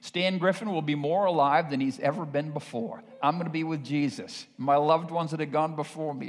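An older man preaching a sermon as pastor, swinging between hushed, intimate passages and loud, fervent ones. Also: a little high, fairly even intonation, brisk, hardly any pauses. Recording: long hall reverb.

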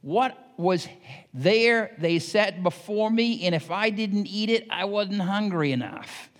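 Folksy older preacher in a reverberant hall. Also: male voice, high-pitched, slow pace. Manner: folksy and anecdotal, rising to emphatic exhortation. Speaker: pastor. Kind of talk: sermon. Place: church sanctuary.

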